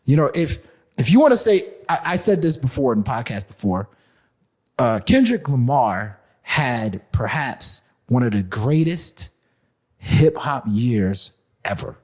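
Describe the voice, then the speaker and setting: A man co-hosting a casual hip hop podcast, talking in an animated way with frequent restarts and laughs. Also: mid-range voice, a little slow. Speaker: podcast co-host.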